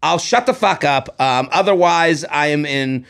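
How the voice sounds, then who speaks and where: 30s guy cohosting a podcast, high voice, kinda gravelly, excited and rambly. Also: measured pace. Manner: excitable, rambling, restarts often. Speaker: podcast co-host and comedian. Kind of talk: casual chat.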